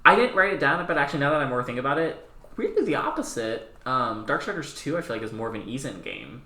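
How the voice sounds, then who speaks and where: Animated young man, bright echoey voice. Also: medium pitch. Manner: animated, swearing, quick quoted voices. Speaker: podcast co-host. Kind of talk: casual chat.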